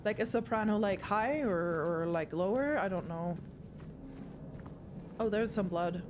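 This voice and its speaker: A woman's voice: mid-range voice, measured pace, background noise. A young woman streaming a horror game, chatting casually with her viewers and swearing often. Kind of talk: casual live gameplay chat.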